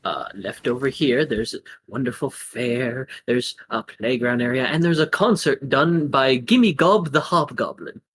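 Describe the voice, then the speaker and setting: A man's voice: medium pitch, unhurried, few pauses, a bit bright. Man, game master, rambling with fillers, faint background noise. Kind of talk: narrating a tabletop game stream.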